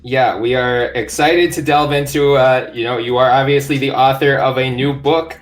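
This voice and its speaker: A man's voice: mid-range voice, fairly even intonation, normal speed, faint music behind. A man hosting a basketball podcast interview in a friendly way, with light laughter and fillers. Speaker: podcast host.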